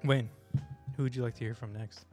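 A man's voice: medium pitch, steady tone, a little fast, a little mellow, faint music behind. A man in a casual chat among friends, asking questions and teasing playfully.

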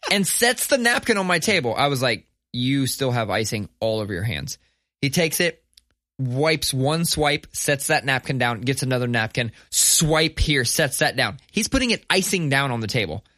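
A middle-aged man telling a profane, animated story in casual podcast chat. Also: medium pitch, normal speed, dry recording, studio quality.

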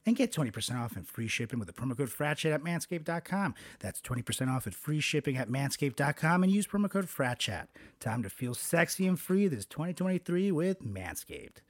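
A man's voice: a little high, very animated, a little fast, few pauses. A man on a podcast reading a sponsor ad in a jokey, salesy way. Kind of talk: upbeat ad read.

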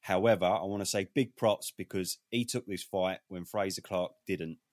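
A man giving boxing opinions in a casual, animated chat, swearing freely. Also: deep voice, normal speed, dry recording, clean studio sound. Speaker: boxing pundit.

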